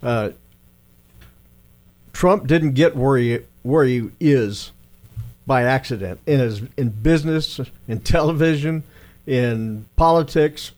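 A man's voice: mid-range voice, takes it slowly, pauses often, a little mellow. A man hosting a talk show, chatting casually and prompting his guest with questions. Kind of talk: casual talk radio chat.

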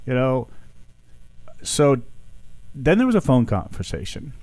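A male talk show host riles himself up as he rants to his listeners. His voice sits at a middle pitch and jumps high when he gets worked up. The studio sound is dry and close. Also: a little slow, no echo. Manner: animated, indignant, addresses listeners as folks. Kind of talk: opinion talk radio commentary.

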